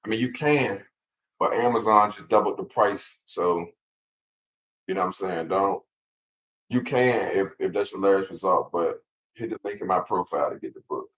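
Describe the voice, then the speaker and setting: A man's voice: sits low, normal speed, a bit bright, low-quality recording. A man hosting a casual livestream, reading legal text aloud and answering viewers' chat in a laid-back way with lots of repeated words. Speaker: channel host answering live chat.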